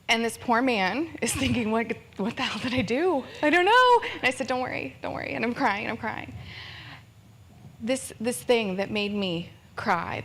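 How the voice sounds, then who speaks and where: A woman's voice: medium pitch, a bit bright, a little hiss or hum. A woman from Ontario in her thirties gives a candid, self-deprecating personal story at a fundraiser on stage, laughing often. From Ontario, Canada. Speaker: fundraiser speaker. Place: event stage with audience.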